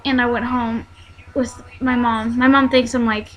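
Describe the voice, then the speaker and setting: Halting, rambling young woman, slightly high. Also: little pitch movement, rough recording. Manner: rambling, halting, many fillers and restarts. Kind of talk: personal vlog storytelling. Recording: faint background noise.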